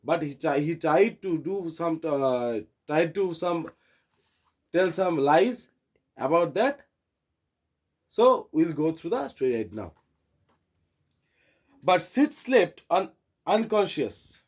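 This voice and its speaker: A man with a Bengali accent teaching an English lesson, reading a story aloud and pausing to explain words, with frequent restarts. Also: fairly high pitch, sing-song. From India.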